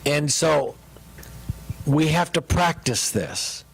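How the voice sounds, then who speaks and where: A man pastor teaching about marriage, joking and animated as he speaks to his listeners. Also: fairly high pitch, takes it slowly, gravelly, a little hiss or hum, poor audio.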